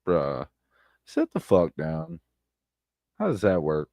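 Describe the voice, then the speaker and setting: A man streaming blunt, profane commentary on online drama, repeating himself and breaking into loud outbursts. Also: low voice, wildly swooping pitch, takes it slowly, gravelly, dry recording, clean studio sound. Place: home streaming setup. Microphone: close streaming mic.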